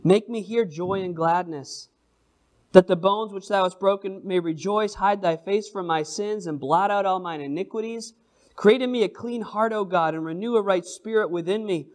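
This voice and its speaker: A man preaching a sermon, expressive and emphatic, reading scripture slowly in old-style wording. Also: high voice.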